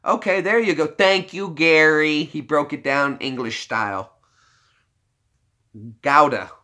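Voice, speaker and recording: A man's voice: a little high, normal speed, sharp tone. A young American man hosting a casual livestream chat, joking around, playing with words and laughing often. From United States. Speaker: livestream host.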